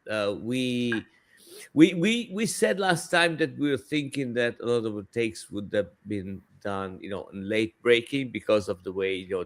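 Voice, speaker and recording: A man co-hosting a casual motorsport chat over an online call, halting with restarts and casual swearing. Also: mid-range voice. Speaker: co-host.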